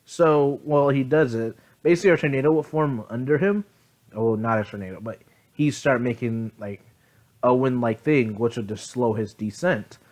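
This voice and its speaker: Recorded on a phone, a sleepy, yawning man rambles through an improvised fan story in casual fashion. His medium-pitched, slightly mellow voice moves at a moderate pace, full of fillers, self-corrections and offhand swearing.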